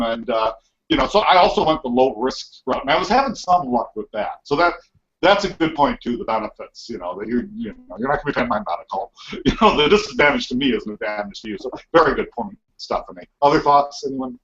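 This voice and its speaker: A man's voice: medium pitch, fast talker. A man leading a casual group discussion, joking and asking the others for their thoughts. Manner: animated, joking, asks the group questions. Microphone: video call. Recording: dull lo-fi video call audio.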